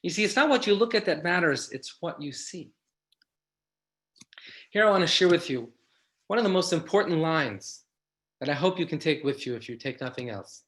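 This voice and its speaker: Male rabbi lecturer, higher-pitched, reflective, repeats points for emphasis. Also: lively intonation, moderate pace, long pauses, a bit bright. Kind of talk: inspirational lecture.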